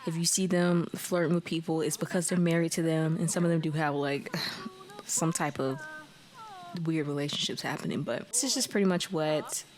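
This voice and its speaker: A woman's voice: sits low, fairly even intonation, normal speed, a little mellow. A young woman giving casual, chatty commentary over a life-sim game, often laughing and apologizing, sometimes slipping into voices for her characters. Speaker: let's play host.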